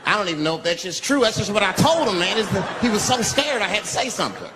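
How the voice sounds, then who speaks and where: A man's voice: high-pitched, very animated, fast talker. A man doing a stand-up comedy routine on stage, telling a profane story with big swings in his voice. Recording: live crowd laughter over loud room noise.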